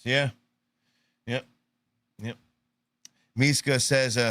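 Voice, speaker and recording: A man's voice: mid-range voice, fairly even intonation, drawn-out words, pauses often, fairly bright tone, dry recording. Sarcastic male host riffing on clips. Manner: sarcastic, mocking, puts on voices to act out clips. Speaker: live show host. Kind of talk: casual commentary on news clips.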